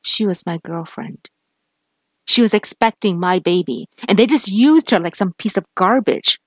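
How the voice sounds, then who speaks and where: A woman's voice: medium pitch, moderate pace, no echo, natural voice. A woman voicing a vengeful male cop turned killer, menacing and taunting, in a dry, close recording. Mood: bitter menacing.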